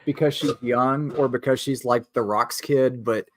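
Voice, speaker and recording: A man's voice: mid-range voice, fairly even intonation, measured pace, a little hiss or hum. A man co-hosting a podcast, chatting casually and trailing off into restarts. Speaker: podcast co-host. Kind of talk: casual chat.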